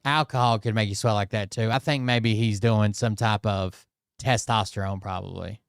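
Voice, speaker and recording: A man riffs over clips in casual reaction commentary, doubting and mocking what he plays. His voice is smooth and clear, and the recording is close and dry. He trips over his words and restarts often. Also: lowish voice, fairly even intonation, normal speed, dry recording. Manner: skeptical, mocking asides with hesitant restarts. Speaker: commentary channel host.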